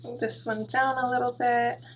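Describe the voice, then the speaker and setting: A woman hosting a coloring tutorial, talking through each step in a relaxed, chatty way with soft, self-deprecating asides. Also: a little high, moderate pace, a little hiss or hum.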